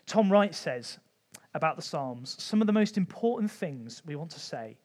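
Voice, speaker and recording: A man giving an informal Bible teaching talk, conversational with light humour and frequent pauses. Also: on the high side, big pitch swings, darkish tone. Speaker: church teacher.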